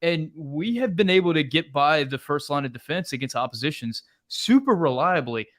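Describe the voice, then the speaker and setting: A man's voice: a little high, lively intonation, moderate pace, a bit bright. A man from the United States hosting a soccer preview show, talking energetically and reading viewer comments aloud. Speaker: podcast host. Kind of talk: sports analysis chat.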